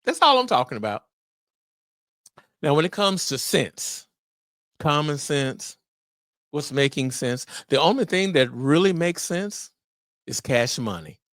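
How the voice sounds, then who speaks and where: A middle-aged man hosting a solo podcast on fatherhood, talking in an animated, preacher-like way with exclamations. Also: fairly high pitch, a little slow, pauses often, no echo, studio quality. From Memphis area, US. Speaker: podcast host.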